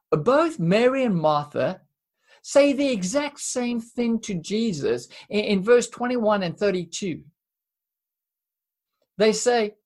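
Woman preacher, sermon delivery, emphatic with pauses, slow pace. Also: fairly high pitch. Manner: earnest, emphatic, with dramatic pauses and repeated words.

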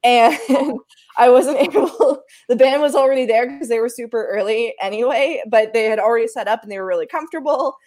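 A woman recounting a work story in casual chat, animated and laughing often. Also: on the high side, brisk. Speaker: live sound engineer telling a story.

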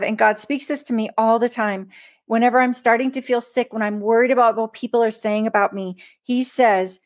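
A woman giving a casual, earnest devotional talk to an online audience, speaking conversationally and reading scripture aloud. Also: a little high. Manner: earnest and conversational, often addressing listeners as "guys". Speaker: Christian livestream speaker.

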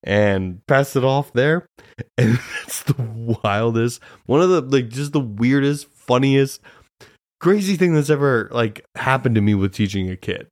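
A man's voice: mid-range voice, expressive, unhurried, no echo, clean studio sound. A young man hosting a solo podcast, telling a story in a rambling, casual way, swearing freely and laughing often. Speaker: podcast host.

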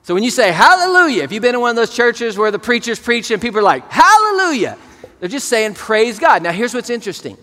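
Man, high-pitched voice, pastor preaching, earnest, repeats himself, long hall reverb. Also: lively intonation, quick pace, hardly any pauses, pushed and bright. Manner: earnest preaching, repeats words, leads the congregation. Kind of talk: sermon.

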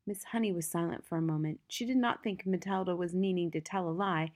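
A woman narrating a children's story aloud, expressive and building intensity at dramatic moments. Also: lowish voice, a little fast. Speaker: audiobook narrator.

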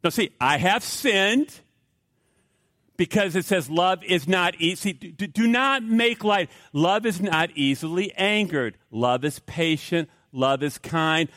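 A man's voice: high voice, lively intonation, slow, a bit bright, dry recording, studio quality. A middle-aged male pastor preaching a sermon in an emphatic, repetitive way with rising outbursts.

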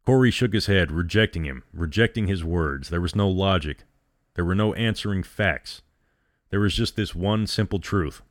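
A male storyteller reading a dramatic story aloud, measured and dramatic. His voice is very low and deep. The recording is dry and close. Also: no room sound. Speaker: storyteller host.

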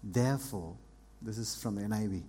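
A man preaching a sermon as a pastor, earnest and repetitive, moving between hushed and raised passages. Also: lowish voice, moderate pace, breathy edge. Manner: earnest preaching, repeats phrases, swings between soft and loud.

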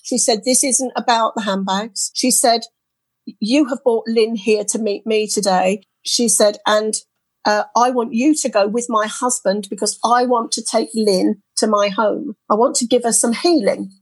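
A middle-aged woman from the UK tells a personal story as an interview guest, bringing the people in it to life with lively quoted voices. Her voice sits a little high and carries a husky edge. The sound is dry and close. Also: measured pace, dry recording, low-quality recording. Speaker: interview guest, spirit artist. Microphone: headset earphones.

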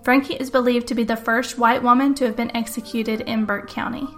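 A woman's voice: on the high side, flat delivery, a little fast, faint music behind. A woman who hosts a storytelling podcast, telling a murder tale as dramatic first-person narration. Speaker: podcast host and author.

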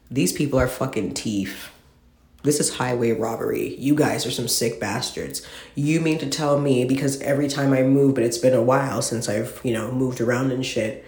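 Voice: mid-range voice, a little mellow. A podcast host ranting alone in an exasperated, profane, rambling way, recorded in a newly moved-into, barely furnished apartment. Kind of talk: solo ranting monologue. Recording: echoey bare room.

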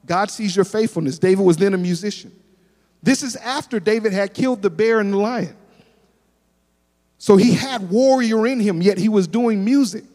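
A male pastor preaching a sermon, telling animated stories and acting out the dialogue. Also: sits high, moderate pace. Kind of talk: sermon with storytelling. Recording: long reverb of a large hall.

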